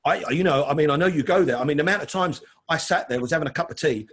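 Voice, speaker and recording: Talking fast in a slightly high voice, a middle-aged Londoner tells casual stories as a chatty interview guest, calling his host "mate."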